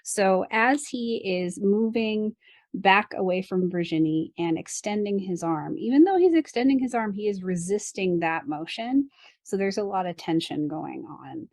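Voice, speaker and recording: A woman's voice: medium pitch, animated, measured pace, a little mellow, no echo. A woman co-hosting a dance podcast, explaining partner technique in casual chat, laughing often and adding playful asides. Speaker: dance instructor co-host.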